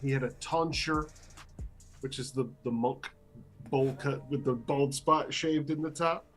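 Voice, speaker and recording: Man, tabletop player, relaxed and rambling, mid-pitched, faint music. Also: a little slow. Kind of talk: casual tabletop chat.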